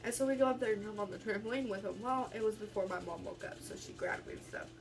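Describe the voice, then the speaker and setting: A woman's voice: mid-range voice, fast talker, vocal fry, low-quality recording. A young woman tells a rambling storytime into a phone camera at home, chatty with many restarts. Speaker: vlogger. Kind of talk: casual storytime vlog.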